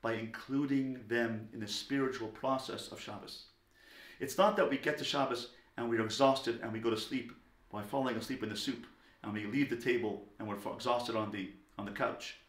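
A man's voice: steady tone, normal speed. Emphatic man lecturing in an echoey room. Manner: emphatic, swings between loud stresses and soft low asides. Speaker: parenting teacher.

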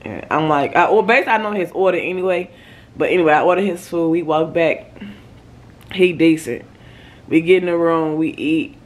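A young woman vlogger tells a story in casual storytime chat, swearing freely and acting out what her boyfriend said. Her voice is deep and her pace brisk.

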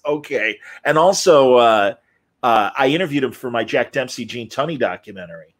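A man's voice: mid-range voice, expressive, normal speed, a bit bright. A man hosting a live Q&A interview, telling anecdotes animatedly and acting out the people he quotes. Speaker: host.

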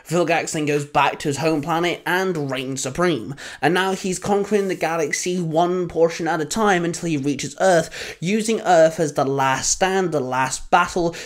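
A man narrates fan fiction for his audio storytelling channel. His voice sits slightly high and upbeat, with dramatic swells. He tells the story with plain enthusiasm. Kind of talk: reading fan fiction aloud.

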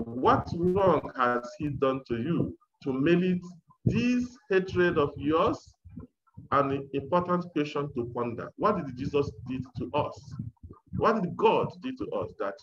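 A man preaching a sermon, reading out messages from visions in a slow, emphatic, declaiming manner. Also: mid-range voice. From Nigeria. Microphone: online conference recording. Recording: dull lo-fi audio.

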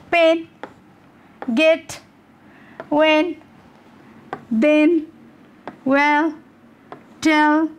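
A woman English teacher from Nepal, walking students through exam questions and checking in with "okay" and "you know". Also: high-pitched.

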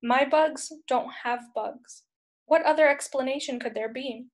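A woman's voice: high-pitched, unhurried. A woman voicing a cocky centaur techie. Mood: explaining. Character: brainy male centaur tech expert, cocky.

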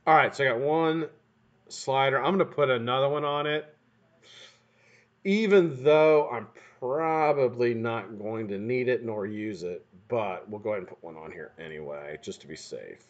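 A man's voice: mid-range voice, moderate pace. Profane rambling man on a lo-fi stream. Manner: rambling, profane, joking asides to chat. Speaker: livestream host building vape coils. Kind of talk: casual live-stream chat while working. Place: home workshop room. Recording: dull lo-fi stream audio.

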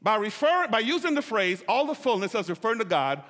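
A man's voice: high voice, expressive, normal speed, fairly bright tone. A male pastor preaching a sermon, calling on the congregation to repeat phrases and stretching out key words for emphasis. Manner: call-and-response preaching, drawing out key words. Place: church sanctuary. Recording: reverberant church hall. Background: long hall reverb.

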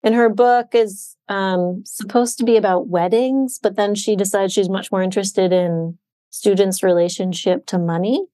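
A woman co-hosts a bookshop podcast in a relaxed, chatty way, her sentences full of "um" and "like" as she talks through what she has been reading. Her voice sits at an ordinary middle pitch, and the recording is close and dry with no room sound. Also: moderate pace, no echo. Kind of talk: casual book chat.

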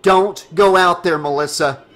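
A man's voice: on the high side, a little slow, soft background music. A panicked teenage boy, put on by a man narrating an audiobook barks warnings in a raised, urgent voice. He sounds protective and desperate to keep everyone inside. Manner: urgent, shouting.

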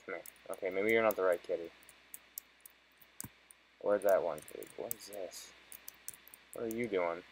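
A young man with a low, steady voice narrates a video game at a moderate pace, leaving long pauses as he plays. He swears constantly, frustrated but joking, in casual let's-play commentary. The low-quality recording carries slight background noise.

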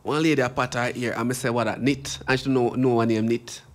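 A man's voice: mid-range voice, steady tone, fairly quick. A man with a Jamaican accent co-hosting a radio talk show, pressing his point jokily in Patois. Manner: insistent, jokey, speaks Patois. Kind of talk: casual radio chat.

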